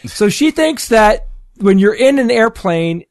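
Guy tearing apart a bad claim, kinda high voice, dry sound. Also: lively intonation, unhurried, no echo. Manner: scornful, explanatory debunking. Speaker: show regular. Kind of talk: casual chat.

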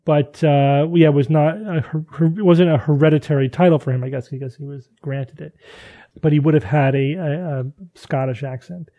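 A man hosting a podcast, chatting casually and reading listener emails in an animated way. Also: a little high, normal speed, narrow, tinny audio. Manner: chatty, animated, many restarts. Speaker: podcast host.

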